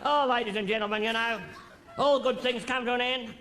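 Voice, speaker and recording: A man's voice: very high voice, fairly even intonation, brisk, bright, forceful tone, a faint crowd, a little hiss or hum. A man playing a crude, boastful older Australian male diplomat in stand-up character comedy, with an Australian accent and a bawdy, leering, mock-sentimental way of telling stories. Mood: sly bawdy.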